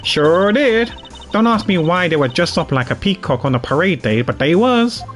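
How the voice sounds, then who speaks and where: A man voicing a folksy, nosy Southern woman, reading her game lines slowly in a put-on drawl. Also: sits high, lively intonation, fairly bright tone, faint music behind. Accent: put-on American Southern. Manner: drawling, slow, folksy slang.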